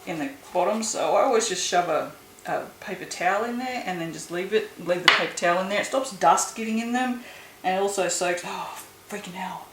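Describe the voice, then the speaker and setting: This soap maker works at home with a fairly low, brisk voice, chatting casually before groaning and swearing, disgusted by a smell. The recording comes from an echoey, noisy room.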